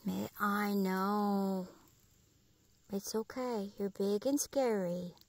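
A woman coaxing and soothing an animal in a gentle, often whispered voice, filming outdoors at night on a phone. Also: medium pitch, steady tone, very slow, dry recording. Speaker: pet owner filming wildlife. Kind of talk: soft coaxing talk to an animal.

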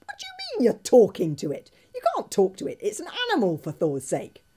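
A woman voicing a nervous, excitable young Viking boy in a storybook reading, gasping in astonishment. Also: medium pitch, a little fast, husky. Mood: astonished.

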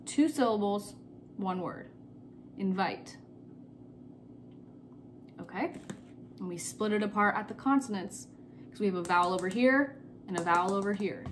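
A woman's voice: mid-range voice, slight background noise. Patient woman teaching a phonics lesson. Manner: patient, repeats key words slowly. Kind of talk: recorded phonics lesson for children.

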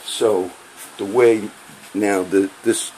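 A man's voice: fairly low pitch, fairly even intonation, drawn-out words, a little mellow, a little hiss or hum, low-quality recording. A man angrily ranting about police to his audience, heated and profane, often repeating himself. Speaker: vlogger. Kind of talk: angry personal rant to camera.

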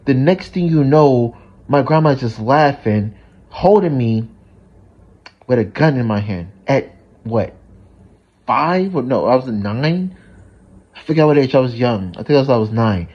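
A man's voice: mid-range voice, lively intonation, measured pace, long pauses, slightly rough, muffled recording. Rambling man telling a story. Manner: rambling, many fillers and restarts. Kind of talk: casual storytime vlog.

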